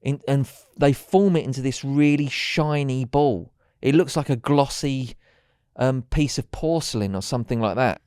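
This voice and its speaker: A podcast co-host with a medium-pitched, darkish, clear and resonant voice talks at a moderate pace. He trades chatty, rambling banter and swears freely, recorded dry with clean studio sound.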